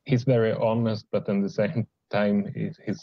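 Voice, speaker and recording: Male stream host, gravelly and low, halting delivery, dry dull lo-fi call audio. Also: flat delivery, dry recording. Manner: halting, lots of fillers. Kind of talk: casual livestream chat. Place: online voice call.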